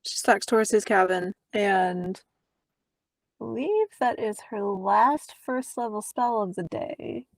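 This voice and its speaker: A woman's voice: mid-range voice, slow, no room sound. A woman playing a tabletop game who describes her character's actions in the third person. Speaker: player.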